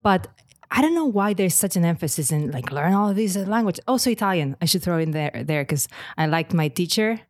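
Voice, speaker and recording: Give me a young Catalan woman with a Spanish accent, a fairly low voice, talking animatedly on a podcast. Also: dry recording, clean studio sound. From Spain, Catalonia. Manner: animated, halting with restarts. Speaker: guest model. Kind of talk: casual podcast chat.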